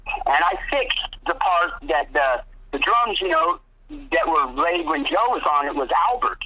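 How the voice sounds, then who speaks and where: A man's voice: fairly high pitch, unhurried, rough recording. A man telling studio stories in a casual interview, swearing freely and acting out what others said. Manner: animated, swearing, acts out quotes in other voices. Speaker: guest guitarist.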